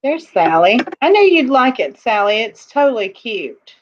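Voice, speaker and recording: A woman's voice: a little high, big pitch swings, normal speed, lo-fi sound. A woman co-hosting a casual live-stream jewelry auction, chatting and laughing as she reads viewers' comments. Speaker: online auction co-host.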